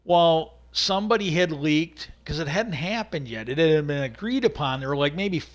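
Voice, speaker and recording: A man's voice: fairly high pitch, expressive. Rambling man retelling a story. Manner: rambling retelling, repeats "he goes", halting fillers. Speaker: livestream host. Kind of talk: casual storytelling.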